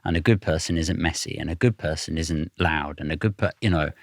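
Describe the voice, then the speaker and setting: Deep-voiced British male podcast host. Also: brisk, dry recording, clean studio sound. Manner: reflective, supportive questioning. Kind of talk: conversational interview.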